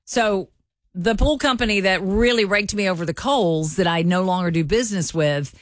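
A woman's voice: mid-range voice, moderate pace, no echo, studio quality. A woman co-hosting a show, telling a rambling, folksy story in casual chat. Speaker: radio show co-host.

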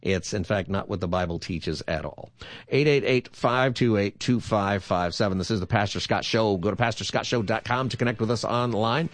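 Relaxed low-voiced pastor hosting a call-in show. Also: male voice, moderate pace. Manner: relaxed, conversational, repeats phone number. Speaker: radio talk show pastor host. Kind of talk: call-in radio talk.

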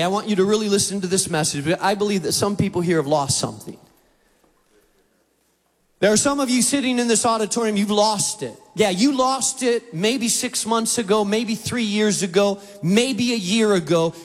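High-voiced preacher in a reverberant hall. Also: male voice. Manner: animated storytelling preacher, acts out voices. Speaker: pastor. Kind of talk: sermon. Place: large auditorium.

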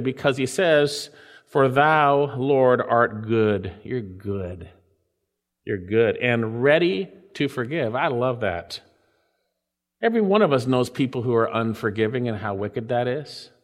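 A man preaching a sermon, reading scripture slowly and swinging his voice up and down for emphasis. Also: in a large hall. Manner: preaching with sweeping pitch swings and drawn-out scripture lines. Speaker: pastor.

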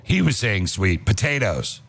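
A man's voice: lowish voice, big pitch swings, a little slow, a bit bright, husky, no room sound. A man hosting a radio show, joking casually with his co-host. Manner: playful, jokey.

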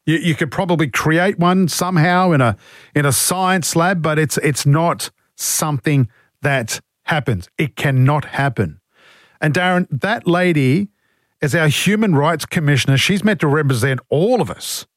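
An Australian man with a fairly high voice hosts talkback radio at a normal pace, blunt and exasperated as he takes calls and reads out texts. The sound is clean studio audio from a studio microphone, with no room sound.

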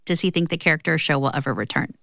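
A woman's voice: deep voice, racing, vocal fry, pushed and bright, no echo, studio quality. A woman hosting an interview, reading listener emails and asking conversational questions. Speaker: interview host.

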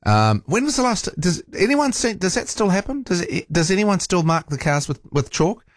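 A man's voice: sits high, very animated, normal speed, no echo, studio quality. A man with a New Zealand accent hosting a talk radio show, chatting casually and rambling with fillers and restarts. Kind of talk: casual talkback chat. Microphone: studio microphone.

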